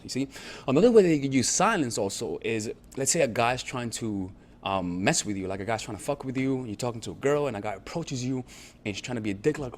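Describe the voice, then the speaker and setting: This dating coach is a man with an expressive, mid-range voice and a quick pace, keeping things conversational, constantly checking in with his listener and cursing freely. A little hiss or hum sits under the recording.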